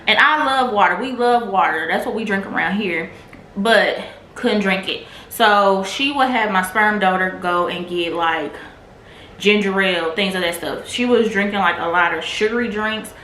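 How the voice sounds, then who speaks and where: A woman's voice: medium pitch, moderate pace, fairly bright tone. A woman vlogger candidly telling a personal testimony in a casual, filler-heavy way. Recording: echoey room with faint noise.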